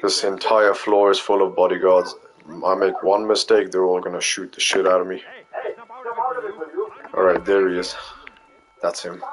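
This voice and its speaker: A man giving live gameplay commentary, panicky, repeating short phrases over and over and dropping to a hushed mutter while he sneaks. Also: low voice, flat delivery, moderate pace, long pauses. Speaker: gamer playing a stealth game.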